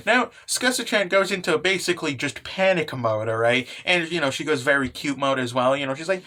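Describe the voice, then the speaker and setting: A young man casually recapping a comic, energetic and swearing, with lots of fillers. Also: a little high, brisk, hardly any pauses. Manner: energetic, swears, laughs, fillers like "you know" and "okay". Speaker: manga recap host.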